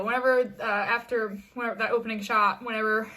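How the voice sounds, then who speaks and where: Woman, casual recap vlog, chatty with fillers, bright forceful tone, fairly high voice. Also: little pitch movement, fairly quick. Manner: chatty, many fillers and restarts. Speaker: TV episode reviewer.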